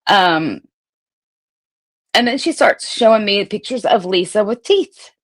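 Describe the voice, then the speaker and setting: Thirtysomething woman ranting at her stream, blunt and sarcastic, lots of swearing, mid pitch. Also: expressive, unhurried. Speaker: streamer reading her old text messages. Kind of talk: casual ranting commentary.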